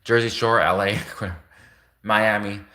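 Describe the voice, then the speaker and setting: A man's voice: fairly low pitch, steady tone, moderate pace, sharp tone. A young man rambling through a casual livestream monologue, packing his talk with fillers and laughing often. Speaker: livestream host.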